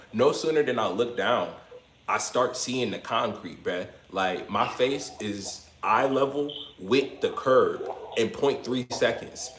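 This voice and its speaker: A man's voice: fairly low pitch, a bit bright. A man hosting a livestream, telling a story in loose, slangy casual chat and laughing now and then. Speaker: livestream host. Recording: roomy room with faint noise.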